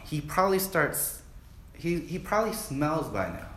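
A man's voice: fairly high pitch, sing-song, unhurried, fairly bright tone, a little hiss or hum. A man preaching a casual, joking sermon and asking the congregation to answer back. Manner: jokey, conversational, asks the congregation to respond. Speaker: pastor. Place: church hall. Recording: echoey church hall.

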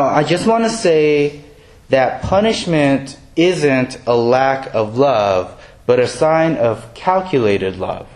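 Man preaching a conversational sermon. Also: fairly high pitch. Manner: conversational, self-deprecating, acts out quoted voices. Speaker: pastor.

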